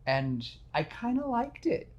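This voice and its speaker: A man hosting a casual podcast, talking in an animated, self-deprecating way and slipping into quick character voices. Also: very high voice, muffled recording. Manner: self-deprecating, admits nervousness. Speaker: podcast host. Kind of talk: casual podcast chat retelling a film.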